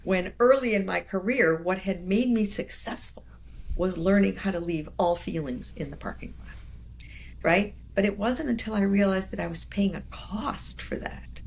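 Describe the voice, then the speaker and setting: An older woman, a professor as interview guest, telling animated stories in conversation and acting out quoted voices. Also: mid-range voice, normal speed, gravelly, slight background noise. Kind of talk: storytelling in conversation.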